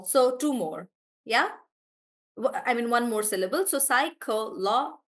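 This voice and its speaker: A woman's voice: fairly high pitch, animated, moderate pace, a bit bright. A woman from South India with a South Indian English accent, teaching pronunciation in a live online class, encouraging and breaking words into syllables.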